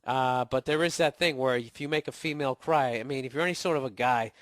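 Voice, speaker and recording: Still recovering from a cold, a man hosting a podcast answers a listener email with a casual, profane comedic rant full of blunt remarks and sarcastic asides. He talks fast at a medium pitch, with no echo.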